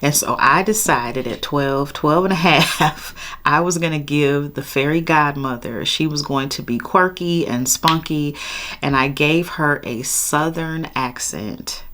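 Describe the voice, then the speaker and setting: Deep deep voice lady telling a story from her life, super expressive, laughs a lot. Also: measured pace. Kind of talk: casual personal storytelling.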